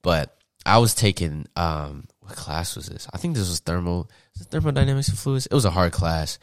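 A young man from Atlanta, a podcast guest, telling stories in a casual, slangy, animated way and laughing often. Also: low-pitched, moderate pace, no room sound, clean studio sound. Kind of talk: casual storytelling.

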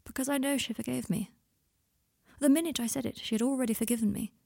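Woman reading as a gentle fatherly man, soft, confiding, gravelly, breathy, audiobook. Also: steady tone, quick pace. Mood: tender. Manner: soft, low-key, confiding. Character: gentle male parental figure, tender and open.

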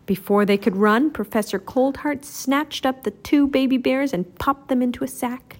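Woman, storybook narration, higher-pitched, expressive read-aloud. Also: normal speed, few pauses. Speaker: storybook reader.

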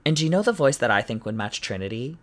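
Co-host, casual drag recap chat, animated and giggly, medium pitch. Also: fast. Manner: chatty, animated, laughs often. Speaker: podcast co-host.

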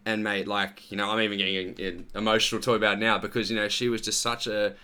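A man's voice: fairly low pitch, flat delivery, fast talker, clear, resonant tone. Man hosting a heartfelt chat. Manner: warm-hearted, rambling, heartfelt. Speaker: podcast host. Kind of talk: casual interview chat.

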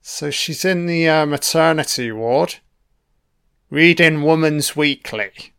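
Young male commentator, slow and smooth, profane and wry. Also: a little high, a bit bright. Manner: profane, wry running remarks. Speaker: film commentator. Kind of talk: casual film commentary.

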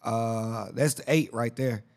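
A man hosting a podcast, chatting casually and excitedly, full of slang and repeating himself. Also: medium pitch, takes it slowly, creaky. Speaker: podcast host. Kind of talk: casual basketball chat.

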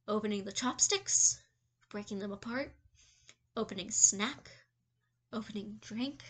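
A woman narrating a fan fiction story in a lively way, with some slips and restarts. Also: a little high.

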